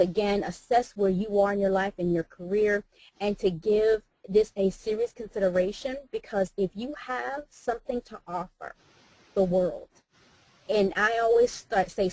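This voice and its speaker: A woman's voice: mid-range voice, a little mellow, no echo, rough recording. An American woman, a mentor and businesswoman, speaking earnestly and encouragingly on a group call. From United States. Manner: earnest, encouraging, faith-filled.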